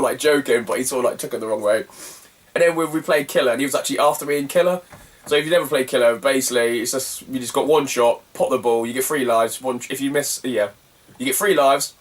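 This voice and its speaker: This young man, a retro gaming vlogger from Cornwall, England, races through a casual, slangy ramble, laughing repeatedly between lines. His medium-pitched voice has lively intonation and a fast pace, picked up on a distant mic.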